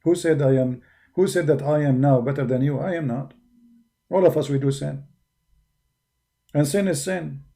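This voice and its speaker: Arabic-accented man, gravelly and dark-toned, emphatic debater who mocks his opponents. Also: a little high, moderate pace, long pauses. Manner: combative, mocking, emphatic. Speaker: religious debater. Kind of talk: polemical monologue.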